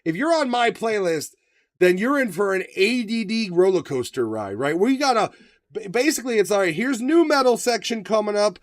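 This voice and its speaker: A man co-hosting a podcast, chatting casually, profane and animated, often acting out voices. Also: high-pitched, normal speed, no room sound, studio quality. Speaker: podcast co-host. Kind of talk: casual banter.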